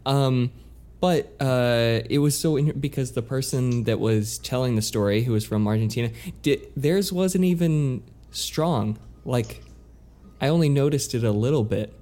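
A man's voice: mid-range voice, measured pace, dark tone. Easygoing American man, casual chat. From United States. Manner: easygoing, hesitant, many fillers and restarts.

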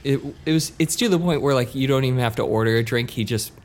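A man's voice: mid-range voice, fast talker. A man co-hosting a podcast, telling a story in a loose, rambling way with lots of fillers and joking asides. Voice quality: swears casually. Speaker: podcast co-host. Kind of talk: casual podcast chat.

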